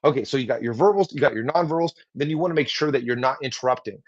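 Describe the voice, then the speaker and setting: Casting: husky male speaking coach, mid pitch, energetic teacher, slightly dull lo-fi livestream audio. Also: very fast. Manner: energetic, demonstrates tones and acts out example replies. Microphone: livestream mic.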